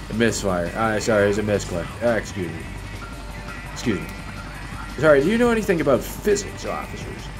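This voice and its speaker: Sarcastic, swearing man over game music. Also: lowish voice. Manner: sarcastic, swears often, mock-polite asides. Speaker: gaming YouTuber. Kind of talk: casual gameplay commentary.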